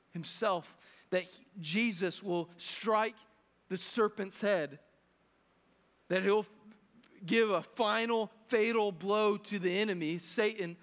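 An earnest man in his thirties preaches with a bright, high voice, pushing harder as he goes and often restarting his phrases. His words ring out with the long reverb of a large hall. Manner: earnest, building intensity with restarts. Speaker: pastor. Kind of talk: sermon.

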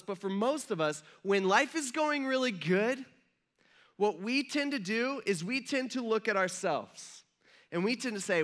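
A man's voice: sits high, bright, forceful tone. A man, a pastor, giving a conversational, joking sermon in a church and asking the audience questions.

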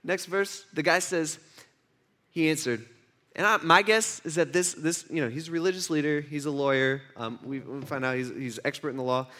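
A man's voice: fairly high pitch, moderate pace, a bit bright. A man giving a casual, chatty sermon, telling a story and checking in with his audience. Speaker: pastor.

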